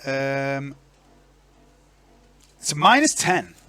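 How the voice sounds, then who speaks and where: A man narrating a tabletop role-playing game as game master, in an animated and chatty way. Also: medium pitch, drawn-out words.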